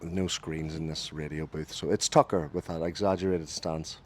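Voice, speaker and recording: A deep-voiced man calls cricket ball by ball on the radio from a commentary booth. His delivery turns lively on big shots, and he puts his own slips right as he talks. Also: normal speed. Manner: lively ball-by-ball calling, corrects himself.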